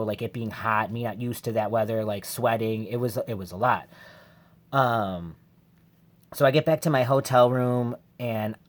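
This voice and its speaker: A man vlogger telling a personal story in a casual, rambling way, candid and emotional, full of "like" fillers. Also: lowish voice. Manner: rambling, heavy use of "like" fillers.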